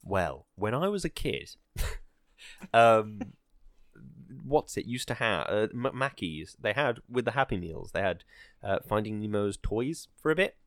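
A man's voice: on the low side, very animated, a little slow, no room sound, clean studio sound. A man chatting casually about a film, rambling and hesitant with many fillers and restarts.

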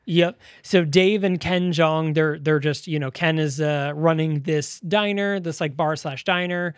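A man's voice: fairly high pitch, a little slow, clear, resonant tone, no room sound, clean studio sound. A man co-hosting a podcast, chatting casually about a movie and retelling scenes with quoted lines. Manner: animated scene retelling with acted-out quotes and laughs. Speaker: podcast co-host. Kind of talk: casual movie review chat.

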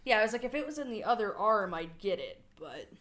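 A woman's voice: mid-range voice, big pitch swings, quick pace, a bit bright. A woman co-hosting a casual TV recap podcast, conversational with wry asides. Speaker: podcast co-host.

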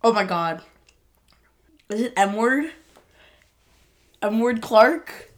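Gushing young woman co-host, slow talker. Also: a little high. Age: young adult. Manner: excitable, gushing, slow-spoken. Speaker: podcast co-host. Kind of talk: casual chat.

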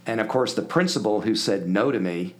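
An older man from the Philadelphia area, a guest telling animated stories and acting out the people in them. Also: fairly low pitch, a little fast, slight background noise. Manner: animated anecdote-telling, acts out quoted voices. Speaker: podcast guest. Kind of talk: casual storytelling.

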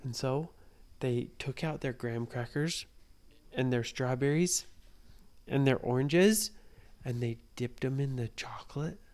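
A man's voice: medium pitch, unhurried, a little mellow. A man telling an improvised bedtime story to children, building suspense and dropping into whispers.

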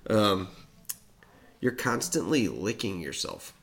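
A man's voice: lowish voice, very animated, slow, gravelly, a bit bright. Guy on a podcast laughing a lot, voice going up and down, keeps restarting. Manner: laughs often, stumbles and restarts. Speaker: podcast co-host. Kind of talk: casual banter.

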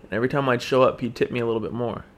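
A man co-hosting a podcast, telling a story in an animated, profane, slangy way. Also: medium pitch, racing. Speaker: podcast co-host. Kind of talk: casual storytelling chat.

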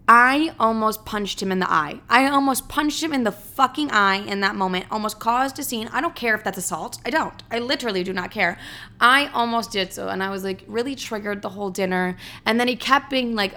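A young woman tells a story in a casual, swearing, over-the-top way. She acts out both sides of each exchange. Her voice sits in a middle pitch. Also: a little fast. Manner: profane, dramatic, animated retelling with quoted dialogue.

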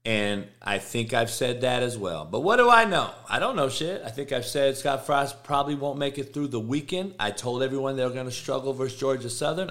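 A man's voice: mid-range voice, a bit bright. A middle-aged man, host of a sports show, ranting casually and emphatically, swearing and repeating himself for effect. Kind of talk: casual rant on college football.

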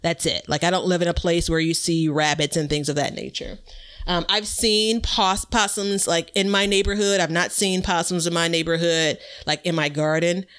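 Chatty woman with a bright, smooth voice. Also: lowish voice, steady tone, moderate pace. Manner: chatty, rambling, laughs often. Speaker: podcast co-host. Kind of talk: casual storytelling chat.

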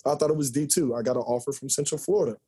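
A man in his forties tells stories from his playing days as a podcast guest, lively and joking. His voice is husky and mellow, never sharp. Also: mid-range voice, racing. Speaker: podcast guest, former college basketball player. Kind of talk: storytelling interview chat.

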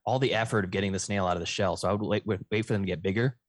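A man's voice: deep voice, steady tone, rapid-fire, no echo, studio quality. A man hosting a podcast in casual chat, rambling and laughing often. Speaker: podcast host.

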